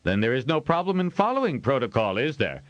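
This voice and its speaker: A man's voice: medium pitch, sing-song, a little fast, dry recording, lo-fi sound, voice pushed up, lightly acted. A male narrator voicing a cold, stern father who speaks in a curt, formal way.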